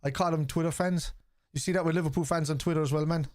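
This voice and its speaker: A middle-aged Irish streamer watches football live with his audience, swearing casually, reacting to the play and reading and answering chat messages. His voice is fairly high and a little mellow, quick-paced with fairly even intonation. There's no echo.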